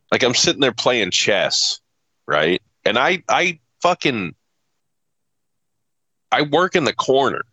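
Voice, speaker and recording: A man's voice: deep voice, bright, forceful tone, dry recording, muffled recording. A man hosting a podcast in a laid-back, profane casual chat.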